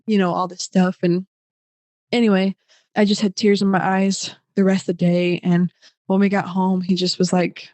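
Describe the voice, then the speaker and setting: A woman's voice: fairly low pitch, level tone, normal speed, a little mellow, no echo. Young woman telling her story, dry mic. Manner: casual, lots of fillers, emotional retelling. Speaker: guest. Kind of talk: podcast storytelling.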